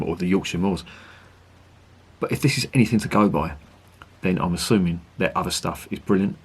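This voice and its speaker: A man's voice: low-pitched, husky. A man reviewing a beer to camera, chatty and enthusiastic, swearing casually.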